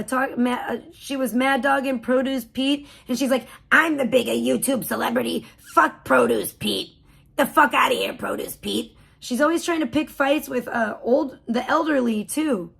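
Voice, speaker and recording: Female streamer, high-pitched, crude mocking roast-style live commentary. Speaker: livestream host.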